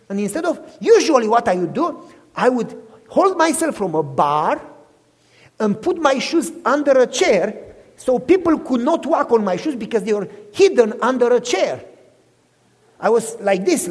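Male preacher, husky, animated storyteller, echoing church hall. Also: sits high. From Romania. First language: Romanian. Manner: animated, acts out dialogue, asks listeners "you follow me?". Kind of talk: storytelling sermon.

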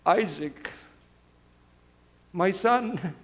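A man voicing old Abraham, a trembling, faithful father, speaking slowly and solemnly. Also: high voice, lively intonation, fairly bright tone, slight background noise, pitched above the performer's own voice, heavily acted. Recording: long hall reverb.

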